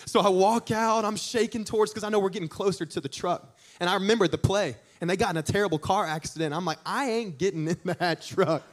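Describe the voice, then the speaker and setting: Man, young adult, high-pitched, animated storytelling sermon, audience asides. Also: fast. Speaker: preacher.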